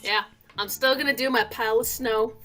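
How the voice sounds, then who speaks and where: A woman's voice: on the high side, fairly even intonation, fairly quick, bright, forceful tone, soft background music. A young adult woman chatting casually as a co-host and telling stories with plenty of fillers, on a home computer mic. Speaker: podcast co-host. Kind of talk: casual chat.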